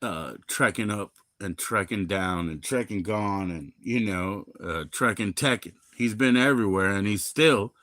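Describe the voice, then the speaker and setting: This is a middle-aged man from Maryland chatting on his livestream, wandering between topics and swearing freely. His voice sits on the low side, and it is captured dry with no room sound. He flares up loud, then sinks back to a mumble. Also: a little slow, few pauses, dry recording. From Maryland, USA. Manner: rambling, profane, loud bursts then mumbling. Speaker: livestream host. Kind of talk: rambling casual livestream chat.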